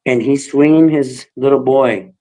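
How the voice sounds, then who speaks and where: An older man, a grandfather, telling a personal story as a guest on a livestream, halting and emotional, with many fillers and restarts. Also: mid-range voice, mellow, rough recording.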